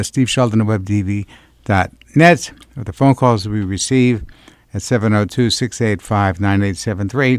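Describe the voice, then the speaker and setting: A man's voice: mid-range voice, vocal fry, dry recording, clean studio sound. A man hosting a late-night radio show, chatting effusively with listeners and repeating his contact details. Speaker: radio talk show host.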